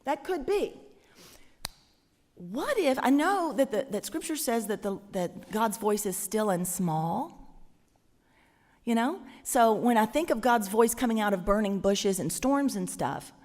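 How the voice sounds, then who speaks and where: A woman's voice: on the high side, lively intonation, measured pace, darkish tone. A woman preaches in a conversational, musing way, taking her time. Her words linger in a long church reverb. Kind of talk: sermon.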